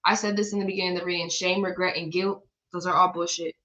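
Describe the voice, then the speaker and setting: A woman's voice: lowish voice, flat delivery, quick pace, sharp tone, rough recording. Blunt, swearing woman giving a card reading. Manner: blunt and profane, swears often, laughs at herself. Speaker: tarot reader. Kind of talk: casual spiritual card reading.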